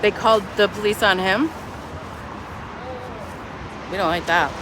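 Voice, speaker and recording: Out on a city street at a protest, a woman streams from her phone, talking casually with a mocking, sarcastic edge. Her mid-range voice moves a little slowly over the sound of passing traffic.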